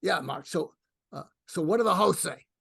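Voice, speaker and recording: A man's voice: sits high, moderate pace, vocal fry, fairly bright tone, slightly rough, no echo, clean studio sound, pitched above the performer's own voice, exaggerated voice. A man imitating an impatient older friend with a Brooklyn accent, grumbling and exasperated. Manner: exasperated, nagging.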